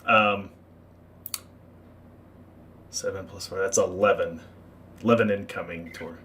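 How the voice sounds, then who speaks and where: Bright-voiced man running a tabletop game. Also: low-pitched, slow, slight background noise. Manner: relaxed, rule-explaining, hesitant fillers. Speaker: game master.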